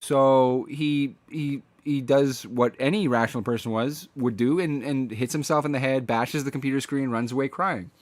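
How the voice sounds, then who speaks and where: A man's voice: mid-range voice, moderate pace, hardly any pauses, dry recording. A man co-hosting a casual podcast, rambling and hesitant with frequent restarts. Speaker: podcast co-host.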